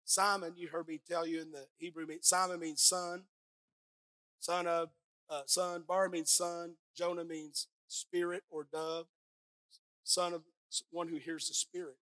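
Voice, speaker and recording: A middle-aged woman pastor preaching a sermon on a clip-on mic, swinging from soft asides to loud shouted peaks and joking with the congregation. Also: lowish voice, little pitch movement, a little slow. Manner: playful, talks directly to the congregation. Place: church sanctuary. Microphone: headset or clip-on microphone.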